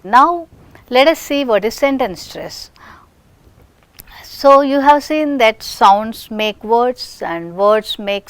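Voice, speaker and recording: Slow, deliberate woman teaching a lesson. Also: mid-range voice, no room sound. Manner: slow and deliberate, drawing out example words. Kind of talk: recorded phonetics lesson.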